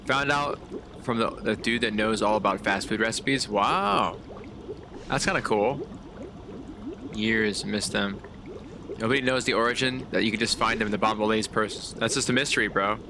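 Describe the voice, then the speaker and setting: A man's voice: on the low side, fairly quick, background noise. A man giving casual gameplay commentary as a streamer, in laid-back slang with chuckling asides. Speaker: game streamer.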